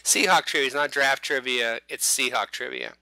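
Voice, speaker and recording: Bright-voiced man hosting a fan show. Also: medium pitch, moderate pace, gravelly, clean tone, no room sound. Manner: rambling, jokey, self-correcting. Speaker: host. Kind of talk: casual podcast chat.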